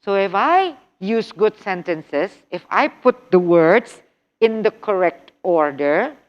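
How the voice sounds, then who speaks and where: Woman teacher talking slow and deliberate, keeps asking the class questions and repeating herself, a bit muffled lo-fi sound. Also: mid-range voice. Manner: animated, repeats and stresses key points with rhetorical questions; acts out example phrases with exaggerated intonation. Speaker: English test-prep instructor. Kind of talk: workshop lecture.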